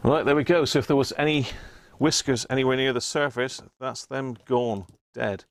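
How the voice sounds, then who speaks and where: A man's voice: medium pitch, fairly even intonation, moderate pace. A man hosting a live stream, chatting casually and muttering to himself while repairing a radio. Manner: chatty, self-deprecating, muttering while working.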